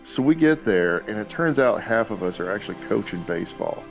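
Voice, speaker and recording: Deep gravelly guy chatting on a podcast, animated storyteller, soft music under it. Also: a little fast. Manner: animated storyteller, laughs often. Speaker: podcast guest dad. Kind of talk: casual storytelling.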